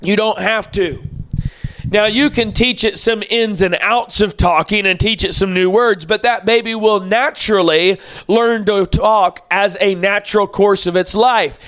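A man delivering a sermon in a strikingly high voice. He preaches emphatically and leans into scripture quotations. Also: fairly bright tone.

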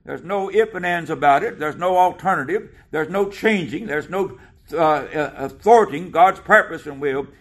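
A man preaching a sermon, reading scripture aloud slowly and with emphasis, with some hesitant fillers. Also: fairly high pitch.

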